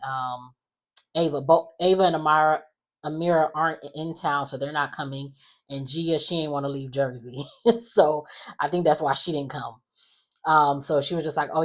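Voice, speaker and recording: A woman with a low, deep voice recaps a reality show in a casual, sassy way. She retells scenes by quoting the people in them and throws in blunt asides.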